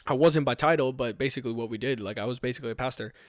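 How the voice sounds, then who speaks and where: A man's voice: medium pitch, very fast, no room sound, clean studio sound. A young man hosting a podcast about his fire recruit training, giving an earnest, emphatic motivational talk that repeats rallying commands.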